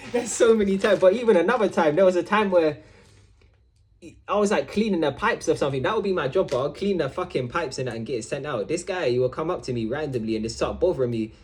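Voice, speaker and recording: A man's voice: fairly high pitch, fast. A man, ranting casually about a coworker, swearing often and calling the listener "bro". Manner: swearing, animated, repeats "bro" and "I'm like". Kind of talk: casual storytelling rant.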